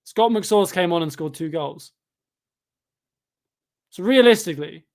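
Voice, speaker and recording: Young guy hosting a footy watchalong, fed up and sarcastic, fake play-by-play, kinda high voice. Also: animated, measured pace, long pauses, a little mellow. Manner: sarcastic, exasperated mock commentary. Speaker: fan channel host. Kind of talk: live football watchalong chat.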